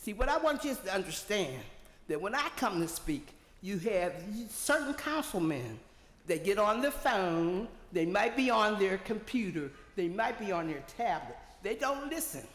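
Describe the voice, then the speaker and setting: A woman's voice: medium pitch, big pitch swings, a little slow. An older woman giving an emphatic, rambling public comment at a podium microphone in a large council chamber. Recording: echoey hall.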